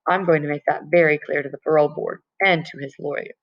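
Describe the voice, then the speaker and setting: A woman's voice: low-pitched, steady tone, fast talker. A woman reading as an earnest school principal. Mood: pleading. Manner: pleading, soothing, repeating herself. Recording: dull lo-fi recording.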